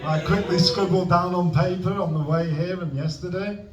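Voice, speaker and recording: A man's voice: sits high, steady tone, normal speed, muffled recording. A young man doing a rambling, awkward, self-deprecating stand-up set at an open mic in a comedy club. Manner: self-deprecating, awkward, trailing off mid-joke. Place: comedy club stage with audience. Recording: roomy venue sound from a distant mic.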